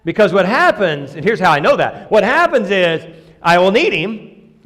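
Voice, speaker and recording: A man preaching a sermon in a church, talking in a lively, conversational way and joking with the congregation. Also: high voice, normal speed, long reverb tail. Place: church sanctuary.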